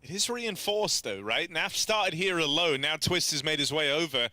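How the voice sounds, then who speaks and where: A man's voice: a little high, expressive, normal speed, few pauses, background noise. A man doing color commentary on a live esports match, playful and analytical.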